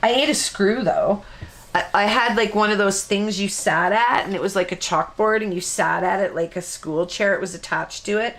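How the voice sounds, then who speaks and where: A woman's voice: mid-range voice, normal speed, a bit bright. A woman hosting a live card-making tutorial, chatting casually and rambling with easy laughs. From Canada. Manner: rambling, self-interrupting, laughs easily.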